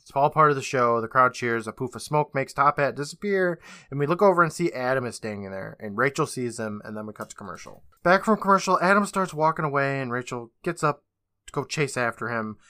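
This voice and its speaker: Brief: male podcast host retelling a show with sarcastic, swearing asides; bright tone. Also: mid-range voice, animated, fairly quick, dry recording. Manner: loose, profane, sarcastic retelling. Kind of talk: casual episode recap.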